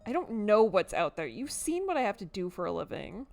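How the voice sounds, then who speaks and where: A woman's voice: mid-range voice, fairly even intonation, measured pace, smooth, faint music behind, close to an everyday voice. A woman voicing a grumpy, prickly cousin who talks in a curt, snappish way in a video game.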